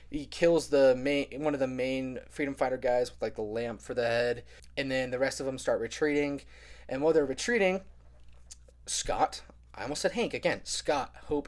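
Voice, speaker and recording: A young man casually recapping a film plot in a spoiler review, rambling and full of filler words. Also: mid-range voice. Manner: rambling, heavy use of "like", animated retelling.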